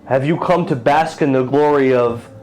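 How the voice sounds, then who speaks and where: A man's voice: medium pitch, normal speed, darkish tone, soft background music, voice pushed up, natural voice, rough recording. A man voicing a pompous, boastful male human knight in a tabletop role-play game, speaking in a grand, self-important way. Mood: proud.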